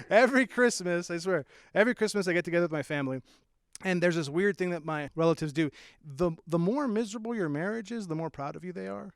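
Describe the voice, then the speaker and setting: High-voiced young man doing stand-up. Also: quick pace, vocal fry, no room sound, clean studio sound. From small town south of the Bay Area, California. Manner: lively, playful, shifts into character voices. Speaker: stand-up comedian. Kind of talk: stand-up comedy set.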